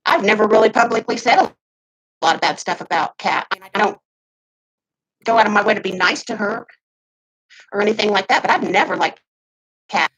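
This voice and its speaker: A woman in her fifties venting heatedly to her camera, swinging between loud outbursts and muttered asides. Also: mid-range voice, a little fast, long pauses, breathy edge, poor audio. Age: 50s. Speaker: vlogger. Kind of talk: casual ranting to camera.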